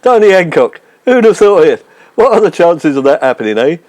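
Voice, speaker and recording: A man's voice: a little high, sing-song, a little fast, darkish tone, dry recording. A man playing a gloomy, self-important comedian in a comedy sketch, ranting with indignant bluster.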